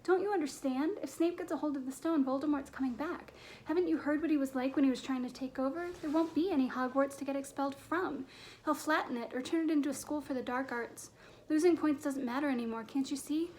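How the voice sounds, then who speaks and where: A woman's voice: high voice, fast talker, darkish tone, a little hiss or hum, lightly acted. A woman voicing a determined young boy wizard who speaks urgently and intensely. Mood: fierce.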